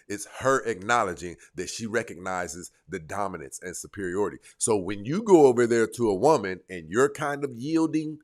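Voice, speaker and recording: A man's voice: medium pitch, moderate pace, few pauses, darkish tone. A man giving dating advice straight to his viewers in a blunt, emphatic, lecturing manner. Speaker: dating coach. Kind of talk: direct-to-camera advice monologue.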